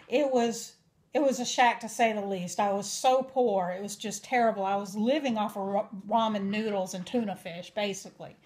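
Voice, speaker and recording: A woman's voice: on the high side, a little mellow. Earnest woman sharing her testimony. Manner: earnest, emotional storytelling. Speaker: testimony speaker. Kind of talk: personal testimony.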